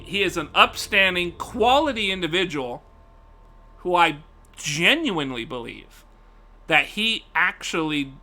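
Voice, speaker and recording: A man streaming live, ranting casually to his chat in a profane, animated way and laughing often. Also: sits high.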